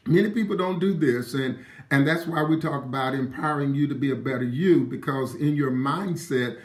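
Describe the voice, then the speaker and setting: A man speaks at a middle pitch with an emphatic, preacher-like cadence, hammering home each point as he talks to his live-stream viewers and greets them by name. His voice carries the ring of an echoey room. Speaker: motivational live-stream host. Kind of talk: live-streamed motivational talk.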